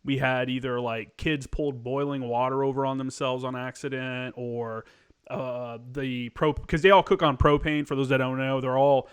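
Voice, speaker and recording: Brief: male host, everyday mid voice, relaxed and rambling. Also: mid-range voice, normal speed, smooth. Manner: loose, many fillers, thinks aloud. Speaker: podcast host. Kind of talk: casual conversation.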